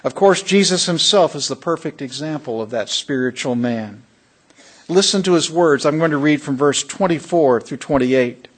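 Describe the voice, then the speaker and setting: A man's voice: on the high side, expressive, normal speed, breathy edge. A man pastor delivering a sermon, emphatic and asking the congregation questions as he goes.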